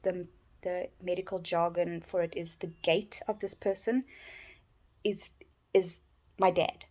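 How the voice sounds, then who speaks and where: A tired, sleep-deprived woman rambling in a personal vlog from her bedroom, yawning and halting with many restarts. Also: lowish voice, steady tone, a little mellow. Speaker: vlogger.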